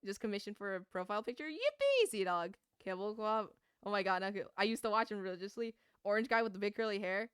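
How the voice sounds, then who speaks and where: A young woman streaming a game, ranting casually with swearing and quick laughs while chatting to viewers. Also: mid-range voice, level tone, a bit bright, clear, resonant tone, no echo, studio quality. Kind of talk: casual gaming stream chat.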